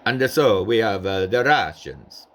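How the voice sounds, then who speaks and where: A man's voice: lowish voice, sing-song, slow, a bit bright, voice pushed up, full character voice. A man putting on the voice of a grand male emperor speaking with an Italian accent, declaiming in a grandiose way.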